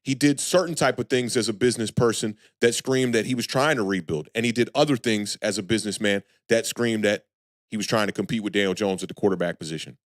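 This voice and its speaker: A man hosting a live sports talk stream, talking loosely and frankly to chat viewers and shouting them out. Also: on the low side, fast talker, no echo, studio quality. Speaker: sports channel host.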